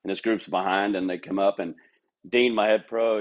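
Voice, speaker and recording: A man's voice: on the low side, steady tone, a little fast. Candid middle-aged man telling stories. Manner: candid, storytelling, mimics others' voices. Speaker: golf club manager, podcast guest. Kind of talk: casual interview chat.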